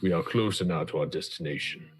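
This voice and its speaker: A man playing a tabletop game, speaking in a measured, formal in-character manner. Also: low voice, soft background music. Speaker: tabletop player.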